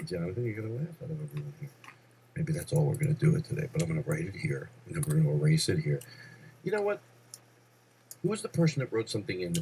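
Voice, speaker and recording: A man hosts a casual podcast, excitable and quick to jump from one subject to the next. His low voice swings widely in pitch, and clear background noise sits under the whole recording. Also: rough recording. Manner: excitable, jumping between topics. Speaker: podcast host. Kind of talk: casual chat.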